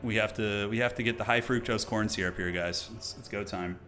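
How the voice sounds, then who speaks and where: Guy streaming, bright forceful tone, chatty and joking with chat. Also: on the low side, fairly even intonation, a little fast, soft background music. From United States. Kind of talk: casual live-stream game commentary.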